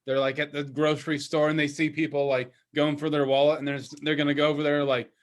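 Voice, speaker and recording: A man's voice: a little high, flat delivery, fast talker. A man co-hosting a podcast in casual chat, riffing laid-back along with jokes. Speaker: podcast co-host.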